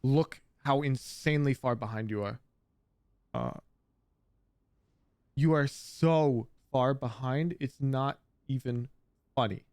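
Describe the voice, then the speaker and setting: A man's voice: medium pitch, slow, long pauses, darkish tone, smooth, no echo, studio quality. A man coaching a player through a gameplay review, emphatic and blunt, repeating his key points. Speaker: game coach.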